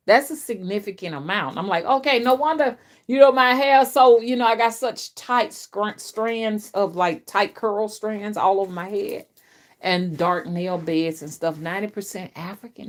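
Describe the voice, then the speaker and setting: Middle-aged woman, spiritual reader, casual live-stream chat, rambling, repeats herself, swinging loudness. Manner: chatty, repetitive, with big swings in pitch and loudness. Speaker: spiritual reader and channel host.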